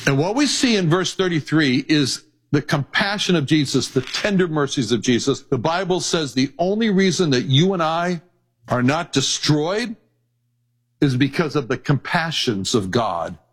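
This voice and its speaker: A man preaching a sermon, earnest, repeating scripture references and slowing down on key phrases. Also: a little high, big pitch swings, slightly rough, low-quality recording.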